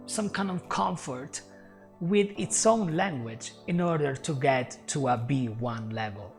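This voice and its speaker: An English teacher who is not a native speaker, giving job tips to camera in an upbeat way and often calling the viewer "my friend". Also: male voice, a little high. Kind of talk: talking to camera, tips video. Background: faint music.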